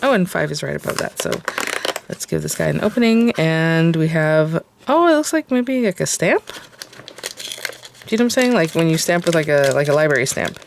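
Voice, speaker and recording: A woman's voice: low voice, lively intonation, fairly quick, gravelly, a little hiss or hum. A woman hosting a casual crafting tutorial, chatting and thinking aloud with lots of fillers as she works. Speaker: craft channel host.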